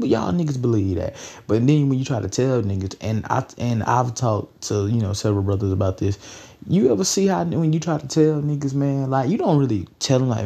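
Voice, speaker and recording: A man's voice: medium pitch, lively intonation, fairly quick, vocal fry, warm tone. A young man hosting a solo podcast, blunt and profane, repeating lines for emphasis. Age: young adult. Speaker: podcast host. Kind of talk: casual solo podcast rant.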